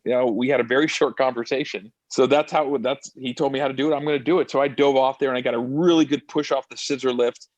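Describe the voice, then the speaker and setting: A middle-aged man, a stuntman and actor, telling stories in a casual interview, animated and full of fillers and restarts. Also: medium pitch, no echo.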